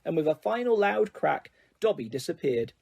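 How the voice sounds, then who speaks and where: A man narrating a fantasy audiobook in a calm, steady reading voice with a breathy tone. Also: on the high side, normal speed. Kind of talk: storybook narration.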